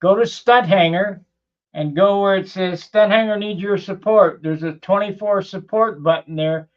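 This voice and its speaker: A man with a high voice hosts a casual workshop vlog about building model airplanes, speaking at a moderate pace. He talks in a rambling, plainspoken way full of loose asides, and the audio sounds dull.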